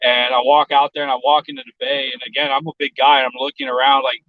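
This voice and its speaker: A man's voice: medium pitch, flat delivery, fast, no echo, narrow, tinny audio. A man from South Texas telling a story in casual chat, blunt and profane, and he acts out the voices of other people. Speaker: podcast guest.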